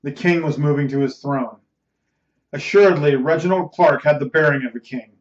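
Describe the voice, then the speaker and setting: Man reading a gothic novel aloud. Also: a little high. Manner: measured, dramatic reading with a self-correction. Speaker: audiobook reader, host. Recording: roomy, slightly muffled recording.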